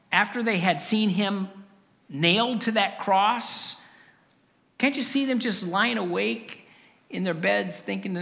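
Slow, gravelly preacher in a big hall. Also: male voice, sits high, sharp tone. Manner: earnest preaching with rhetorical questions and dramatic pauses. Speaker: pastor. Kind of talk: sermon.

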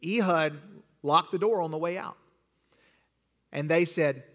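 A man teaching children a Bible lesson, acting out the story and directing the kids with quick, repeated commands. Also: fairly high pitch, fairly bright tone. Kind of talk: interactive acted-out Bible lesson. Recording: long hall reverb.

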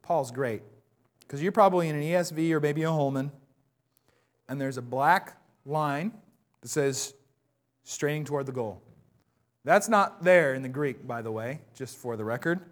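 A pastor delivering a sermon in a high voice for a man. His voice is wearing hoarse, yet he preaches with passion, dropping soft and then rising loud. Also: normal speed, long pauses. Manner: impassioned, swings between soft and loud. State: voice going hoarse.

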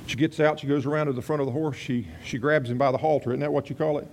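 A man's voice: fairly high pitch, fairly even intonation, fast, a little mellow, slight background noise. A man preaching a sermon in a folksy, conversational way, with storytelling and rambling asides. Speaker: pastor.

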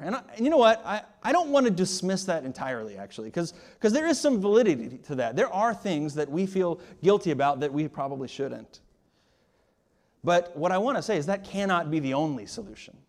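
A pastor delivers a sermon in a slightly high male voice, pushing his points with rhetorical questions. He often repeats a word as he starts a phrase, and his emphasis swells up and falls back to a hush.

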